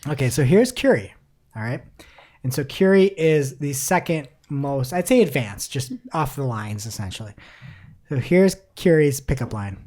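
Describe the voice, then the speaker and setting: A woman's voice: very deep voice, expressive, normal speed, dark tone. A woman co-hosting a casual marketing news podcast, chatting animatedly, often laughing and reading quotes aloud. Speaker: podcast co-host.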